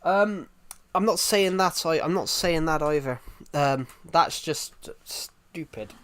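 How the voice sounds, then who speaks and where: A man's voice: on the high side, slow pace, fairly bright tone, clear, resonant tone. A young man from England with an English accent, rambling casually on a live stream, reading chat messages aloud and swearing casually. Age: young adult.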